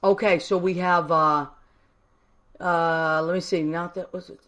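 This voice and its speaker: A woman's voice: on the low side, fairly even intonation, unhurried, a bit bright. A woman from Massachusetts hosting a live call-in show, chatty, effusive and affectionate, rambling a little as she goes. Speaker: host.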